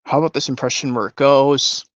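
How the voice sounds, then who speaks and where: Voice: medium pitch, fairly even intonation, a little fast, dry recording, dull audio. A streamer hosting a voice-impressions game, chatting casually and rambling, thinking aloud with hums and restarts.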